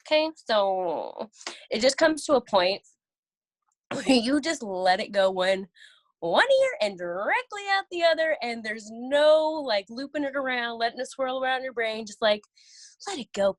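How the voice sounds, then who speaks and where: A woman telling animated personal stories with a sassy, laughing delivery, acting out the people she quotes. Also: a little high, a little slow, no room sound. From Oklahoma. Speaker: guest, network marketing distributor.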